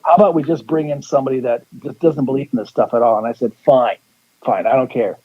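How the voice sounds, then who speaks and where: Husky-voiced man telling a rambling story. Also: mid-range voice, fast talker, muffled recording. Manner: rambling, restarts sentences, acts out quotes. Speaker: guest psychic. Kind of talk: casual storytelling on a call-in radio show.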